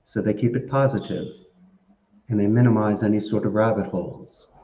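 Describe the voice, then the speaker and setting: A man, a podcast guest giving casual interview answers in an animated, storytelling way and laughing often. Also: fairly low pitch, normal speed. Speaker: podcast guest, call center business owner. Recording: echoey room, dull lo-fi sound.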